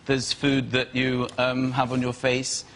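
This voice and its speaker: A man's voice: medium pitch, monotone, a little slow, fairly bright tone, slight background noise. A man on a comedy panel, rambling with stammering restarts. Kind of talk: comic panel banter. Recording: TV studio with audience laughter.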